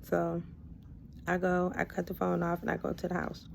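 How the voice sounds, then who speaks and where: A woman's voice: on the low side, normal speed, gravelly, slight background noise. A woman vlogger casually telling a personal story, loose and conversational, full of asides. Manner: animated, acts out both sides of a past argument.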